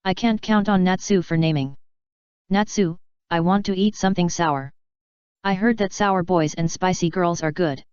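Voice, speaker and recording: A woman voicing a flustered, hot-tempered young woman wizard in an even, flat read. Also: fairly low pitch, moderate pace, clean tone, no echo, highs cut off, natural voice.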